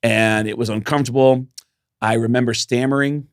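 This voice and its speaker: A man's voice: mid-range voice, fairly even intonation, normal speed, dry recording, studio quality. A man who is a comedian and podcast host, telling a story in casual chat, swearing freely and acting out the people in it.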